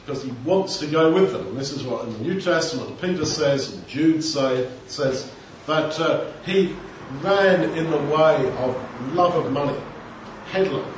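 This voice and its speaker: A male preacher walks through a scripture passage in a conversational way, full of rhetorical questions and quick acted-out scenes. His voice sits a little high and comes from a distance. The recording is dull and noisy, with a big echoing room. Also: animated. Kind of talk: expository sermon.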